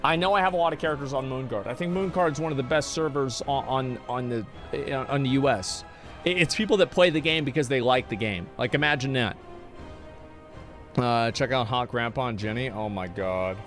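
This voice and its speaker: A man's voice: mid-range voice, normal speed, a bit bright, faint music behind. A man streaming live, ranting casually and with frequent swearing while he answers chat. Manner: profane, exasperated ranting.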